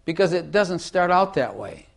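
Man, fairly high voice, casual Bible teaching, emphatic, repeats himself, shifts his inflection. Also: big pitch swings, moderate pace, vocal fry. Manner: emphatic, repeats phrases for effect; plays with vocal inflection to make points.

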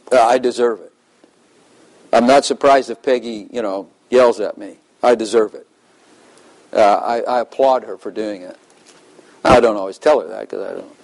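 An older man preaching to his congregation in an easygoing, talkative manner. He keeps pausing to chuckle and to throw questions at the room. His voice sits at an ordinary middle pitch for a man. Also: darkish tone, poor audio. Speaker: pastor. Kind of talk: sermon.

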